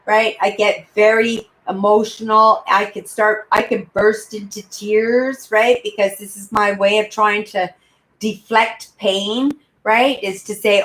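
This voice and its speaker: A woman in her sixties, host of a casual live-stream chat, who rambles and keeps adding "right?" and calls herself a loud talker. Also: medium pitch, steady tone, takes it slowly. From Canada. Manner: self-described loud talker. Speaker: channel host. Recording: roomy echo.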